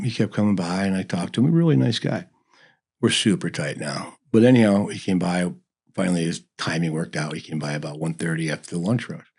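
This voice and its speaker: Middle-aged guy rambling through stories, deep gravelly-ish husky voice, lots of "you know". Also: a little mellow. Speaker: barbecue restaurant owner, guest. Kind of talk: casual interview chat.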